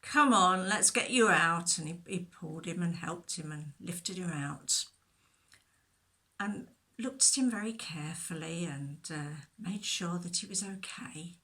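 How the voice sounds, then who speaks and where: A woman telling a Bible story to children, expressive, with whispered asides. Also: on the low side, a little slow.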